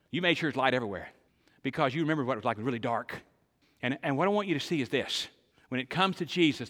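An older man preaching a sermon, asking the congregation questions and swinging between loud emphasis and soft, hushed lines. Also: on the high side. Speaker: pastor. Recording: long hall reverb.

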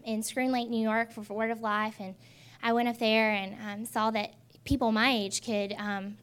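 A woman in her twenties telling her personal faith testimony in an earnest, halting way with many pauses. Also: on the high side, smooth. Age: 20s. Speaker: testimony speaker.

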